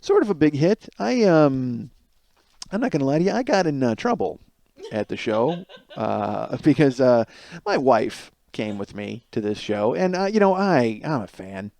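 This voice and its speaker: A man's voice: medium pitch, very animated, moderate pace, gravelly, darkish tone. A man in his thirties hosting a solo comedic monologue, telling a rambling, profane story and laughing between lines. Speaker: podcast host.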